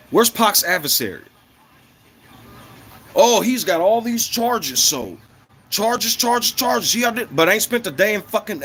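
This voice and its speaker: A man's voice: sits high, pushed and bright, husky. A man ranting in a casual, heated, profane monologue, often repeating himself.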